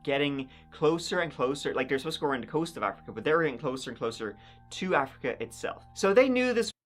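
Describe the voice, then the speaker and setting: A man's voice: fairly high pitch, very animated, fast. A wry male history narrator who tells the story like casual chat and adds sardonic asides, over faint music.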